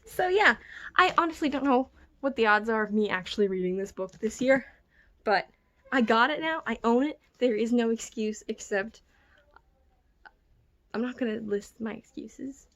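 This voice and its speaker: A woman's voice: fairly high pitch, normal speed, pauses often, dull audio. A young woman chatting casually in a home book vlog, self-mocking and giggly, recorded on a phone in her bedroom. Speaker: book vlogger. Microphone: phone camera.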